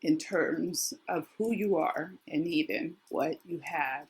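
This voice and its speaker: A middle-aged woman talks through a tarot reading in a casual, thinking-aloud way, often restarting her sentences. Her voice is husky and a little worn. It sits fairly low for a woman. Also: takes it slowly. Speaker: tarot reader.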